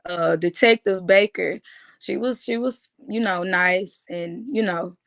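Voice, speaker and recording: A woman, giving a halting, emotional personal account in an interview, often restarting her phrases. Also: lowish voice, creaky. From United States. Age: 30s.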